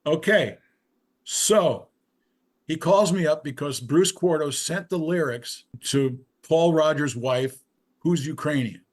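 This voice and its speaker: Here the older male musician guest rambles through stories in a relaxed interview, often restarting and going off on asides. He speaks slowly, in a voice on the high side.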